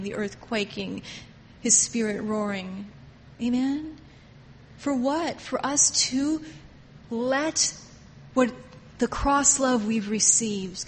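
A woman preaching a sermon with passion, swinging from hushed tones to loud cries. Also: on the high side. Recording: long hall reverb, faint noise.

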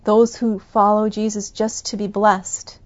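A woman preaching a sermon in a fervent, emphatic way, breaking into loud bursts. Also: medium pitch, flat delivery, measured pace, muffled recording.

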